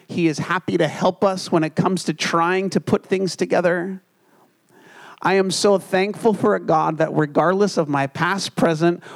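A young adult man preaching a sermon as pastor, telling stories in an earnest, self-deprecating way. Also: on the high side.

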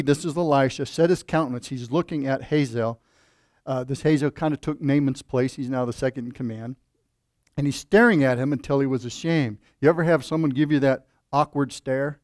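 A man's voice: medium pitch, darkish tone, dry recording, studio quality. A man preaching a sermon in a conversational way, with asides and rhetorical questions to the congregation. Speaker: pastor.

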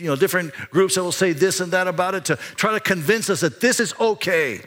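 A pastor preaching a sermon in a church, talking conversationally, climbing higher and louder for emphasis and dropping quiet for serious points. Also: male voice. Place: church sanctuary.

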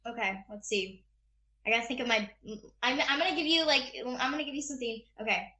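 Gushing, bright-voiced young actress. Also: female voice, a little high, fast. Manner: bubbly, gushing, full of fillers. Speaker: actress being interviewed. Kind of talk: casual interview chat.

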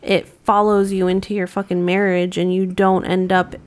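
A woman's voice: fairly low pitch, flat delivery, moderate pace. A woman in her thirties co-hosting a casual movie-review podcast, blunt and swearing freely. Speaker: podcast co-host.

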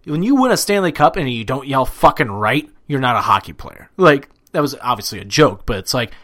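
A young man chatting casually about sports as a podcast co-host, animated and swearing freely, with plenty of fillers. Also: medium pitch, brisk.

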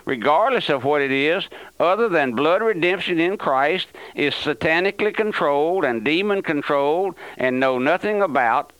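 A man's voice: on the high side, a bit bright, smooth, no echo, low-quality recording. An older man, a pastor, preaching a radio sermon with emphatic repetition.

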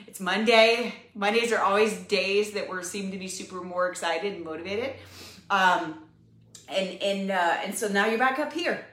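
A woman's voice: mid-range voice, normal speed, fairly bright tone. Woman health coach chatting on a livestream, encouraging and upbeat, kinda echoey room. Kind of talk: casual livestream pep talk. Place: home room, drawing on a whiteboard.

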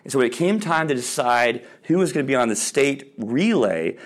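A man's voice: mid-range voice, moderate pace. A man giving an informal Christian talk to parents, telling stories with many ums and restarts and acting out the voices he quotes. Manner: animated storyteller, acts out quoted voices loudly; casual with frequent ums and restarts. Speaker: speaker on Christian sports parenting.

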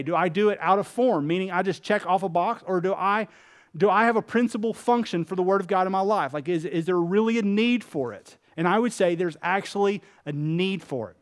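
A man with a high voice preaches a sermon to his congregation. He is earnest and emphatic and slips into stories, voicing the people in them. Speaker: pastor.

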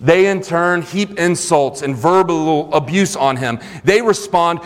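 A man's voice: a little high, unhurried, few pauses. A man preaching a sermon in a church sanctuary, retelling scripture earnestly with conversational asides. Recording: long reverb of a large hall.

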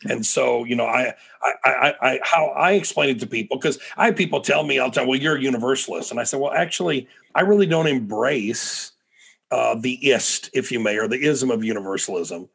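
Gravelly-voiced man preaching in conversation. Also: mid-range voice, fairly quick. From United States. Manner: animated storyteller, frequent restarts. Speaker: guest preacher. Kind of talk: conversational podcast interview.

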